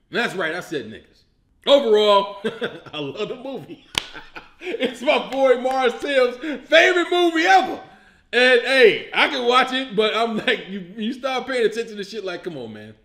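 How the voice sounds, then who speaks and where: Comedian host from Illinois, male, high voice, loud profane incredulous rant, echoey room. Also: very animated, normal speed. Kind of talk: animated comedic movie rant.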